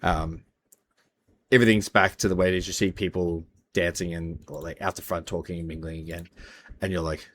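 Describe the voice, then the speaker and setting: A man's voice: low-pitched, steady tone, fairly quick, fairly bright tone. A man narrating as game master, loose and full of fillers.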